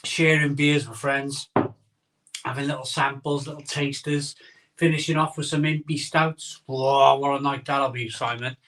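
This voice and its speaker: A man's voice: mid-range voice, level tone, measured pace, fairly bright tone. A man, hosting a live stream and chatting casually while he reads out viewer comments, often repeating himself with plenty of ums. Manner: chatty, cheerful, many ums and repeated phrases. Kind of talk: casual chat.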